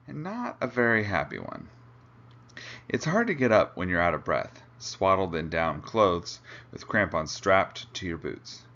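Low-voiced man reading a novel aloud. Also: pushed and bright. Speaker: reader. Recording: dull lo-fi recording.

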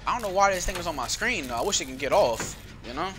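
A man giving casual live commentary over his own gameplay, excitable and easily frustrated, repeating phrases and using slang. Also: on the high side, quick pace, noisy background. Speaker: gaming YouTuber.

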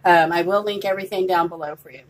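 A woman's voice: lowish voice, steady tone, quick pace, low-quality recording. Chatty woman showing off crafts. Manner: chatty, gushing, with fillers. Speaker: craft vlogger. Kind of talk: casual show-and-tell.

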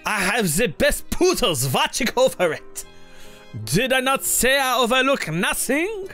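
A man's voice: extremely high pitch, very animated, a little slow, sharp tone, soft background music, pitched above the performer's own voice, exaggerated voice. A man voicing a haughty aristocratic male bird who talks in a pompous, commanding way. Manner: pompous, lordly.

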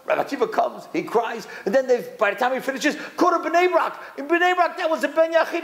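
Rabbi guy telling stories to a crowd, high voice jumping all over, roomy echoey hall. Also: fast talker, hardly any pauses. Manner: lively, acts out quotes with big pitch swings. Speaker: rabbi lecturer. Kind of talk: animated storytelling lecture. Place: synagogue hall with audience.

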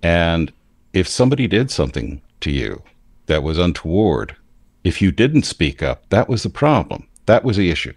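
A man's voice: low voice, sing-song, normal speed, dry recording. A man with a standard American accent, co-hosting a casual news discussion and explaining things at length. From Philadelphia area, United States. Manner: talks in long explanatory stretches. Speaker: news commentator co-host.

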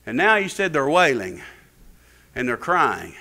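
A male pastor, preaching a fervent sermon that swings between loud peaks and low asides. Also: big pitch swings, unhurried.

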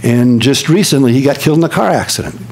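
An older man preaching a sermon as pastor, telling stories with lively swings from excited high tones to low hushed earnestness. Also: fast talker, a little hiss or hum, poor audio.

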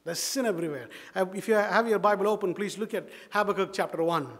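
High-voiced Indian pastor preaching in a church hall. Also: male voice, fast. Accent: Indian English. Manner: emphatic, repeats phrases, asks the congregation rhetorical questions. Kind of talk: sermon. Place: church sanctuary. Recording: long reverb of a church hall.

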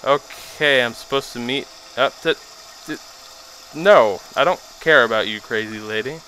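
A man's voice: medium pitch, unhurried, a little hiss or hum. A young man giving casual, joking commentary while he plays a video game. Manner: joking, self-mocking, animated. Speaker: let's play host.

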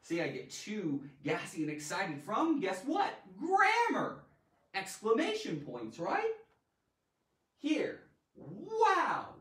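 A man hosting a live online grammar lesson in a playful, animated way, tossing in silly sound effects. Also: high voice, measured pace, few pauses. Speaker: grammar teacher and show host. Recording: roomy echo, mic at a distance.

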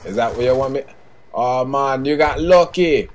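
A man's voice: medium pitch, moderate pace, slight background noise, close to an everyday voice. A young man putting on a Jamaican accent to play a hotheaded gamer trash-talking and swearing in voice chat. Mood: heated. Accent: put-on Jamaican. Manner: swearing, taunting, boastful trash talk. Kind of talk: in-game voice chat trash talk. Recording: game gunfire behind voice chat.

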